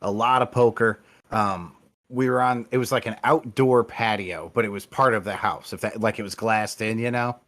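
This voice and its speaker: A man's voice: fairly low pitch, fairly even intonation, moderate pace, fairly bright tone. A man co-hosting a podcast, telling a story in a blunt, casual, profane way. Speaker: podcast co-host.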